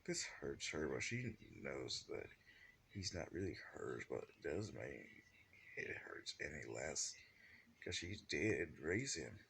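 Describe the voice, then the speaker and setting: A man's voice: very deep voice, sing-song, takes it slowly, vocal fry, a bit bright, slight background noise. A man telling an improvised fan-fiction story in a rambling way, with many restarts.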